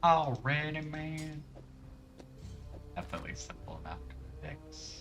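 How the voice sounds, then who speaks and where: Faint music plays behind a man streaming a game, who chats casually and keeps drifting onto tangents, saying "like" constantly. His voice is fairly high and fairly bright, very animated yet unhurried.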